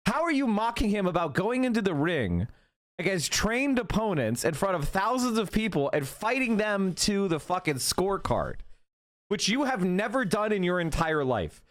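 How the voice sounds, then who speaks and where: A man reacts on a livestream with a profane, mocking rant. His voice swings wildly in pitch, from shouted highs to low mutters. He sounds close and dry on the mic. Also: no echo. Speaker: streamer reacting to a video.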